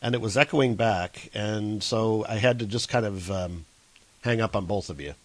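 A man's voice: on the low side, moderate pace, dry recording. A man hosting a casual call-in web show over Skype, flustered and apologetic, laughing often.

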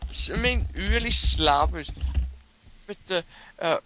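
A man's voice: high-pitched, lively intonation, measured pace, sharp tone, pitched above the performer's own voice, full character voice, poor audio. A man voicing a riled, stammering caller who keeps demanding answers. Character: pushy male caller, riled and high-voiced.

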